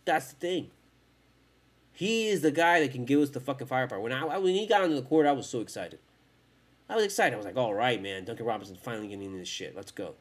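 Brief: tired male podcast host, swearing, rambling rant, mid pitch. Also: expressive, fast talker. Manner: profane, rambling, heated. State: tired, late at night. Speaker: sports fan podcast host. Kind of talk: casual rant.

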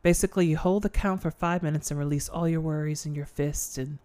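A woman's voice: deep voice, fairly quick. A woman co-hosting a podcast, chatting casually about a movie and acting out lines from it. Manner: animated, acts out quotes, laughs often. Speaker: podcast co-host. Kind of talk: casual chat recapping a movie.

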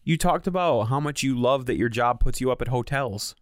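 A man's voice: mid-range voice, expressive, a little fast, dry recording, clean studio sound. A man co-hosting a podcast in casual chat, teasing and pushing eager suggestions. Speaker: podcast co-host.

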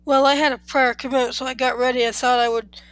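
A woman's voice: high-pitched, little pitch movement, fast talker, no echo, close to an everyday voice. A woman voicing a sugar-sweet, scheming young woman in a read-aloud story. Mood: sugary.

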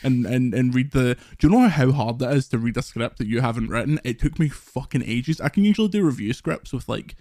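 A Scottish man hosting a podcast, telling lively, sweary stories in casual chat. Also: mid-range voice, brisk, few pauses, no room sound, studio quality. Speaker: podcast host.

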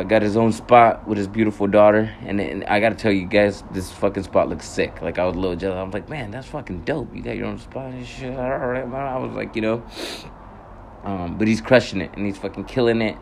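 A man's voice: on the low side, fairly even intonation, brisk, a little hiss or hum. A young man telling a casual, rambling story to his viewers, swearing often, correcting himself and laughing at his own anger.

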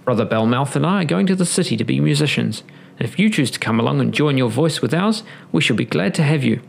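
Old donkey, kindly leader, gravelly and calm, read by a male storyteller. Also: mid-range voice, quick pace, a little hiss or hum.

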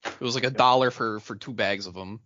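A man's voice: on the low side, fairly even intonation, a little fast, bright, forceful tone, highs cut off, a little hiss or hum. A young adult man in casual chat, telling a rambling story with many "um"s and "uh"s. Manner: rambling anecdote, hesitant with "um" and "uh".

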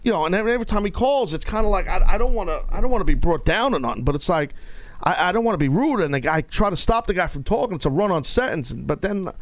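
A man's voice: high-pitched, animated, quick pace, no room sound. A male radio show host in casual sports talk, rambling and stop-start as he takes calls.

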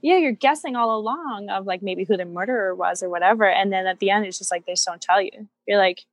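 A woman's voice: medium pitch, quick pace, no echo. A woman guest, a nutrition coach, chatting casually and rambling with many fillers. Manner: rambling, hesitant, lots of "like". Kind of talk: casual interview chat.

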